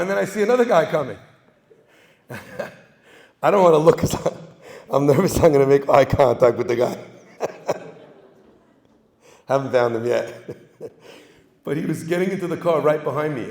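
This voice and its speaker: Rabbi guy telling funny stories to the crowd, kinda gravelly voice, roomy echo. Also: medium pitch. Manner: joking, storytelling, lively asides. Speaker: rabbi giving a talk. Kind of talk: humorous speech to a live audience. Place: synagogue hall. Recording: echoey hall, live event.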